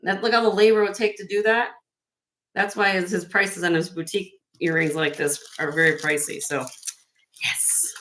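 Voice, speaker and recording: Medium in pitch and slightly bright, her voice stays fairly even in intonation at a moderate pace. She's a Midwestern-accented host selling vintage jewelry on a live stream, chattily gushing over each piece, on a low-quality recording.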